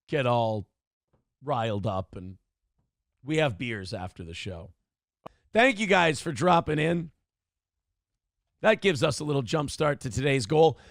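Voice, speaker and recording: A man hosting a live show, reading chat aloud and firing back at trolls in a sarcastic, teasing way. His voice sits fairly high and carries a gravelly rasp. The sound is close and dry, with no room around it. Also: fairly bright tone, no echo. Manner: reads out chat comments. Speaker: radio show host. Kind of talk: live-stream donation appeal.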